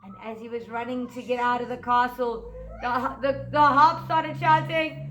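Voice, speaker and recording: A woman, a teacher telling a fairy tale to young children and guiding a craft, in a gentle sing-song voice that stretches words out. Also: on the high side, fairly even intonation, moderate pace, roomy sound, a little hiss or hum. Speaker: preschool teacher. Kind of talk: storytelling and craft lesson for children.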